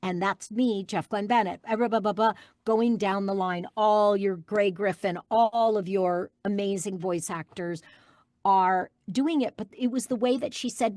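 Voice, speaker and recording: A woman's voice: medium pitch, normal speed, a little mellow, dry recording, studio quality. A woman guest voice actress giving an emphatic interview answer, insisting on her point and repeating key phrases.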